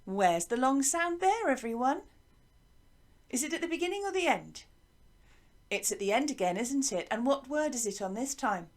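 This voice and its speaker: A woman teaching a music lesson to young children, asking lots of questions in a slow, lively way. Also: high-pitched. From England. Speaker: primary school music teacher.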